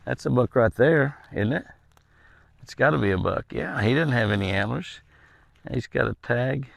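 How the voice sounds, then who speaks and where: Man, gravelly voice, casual outdoor ranch vlog, coaxes deer. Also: medium pitch, expressive, moderate pace, no echo. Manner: coaxing, chatty, coos to the deer. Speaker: ranch owner filming his deer. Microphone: handheld camera.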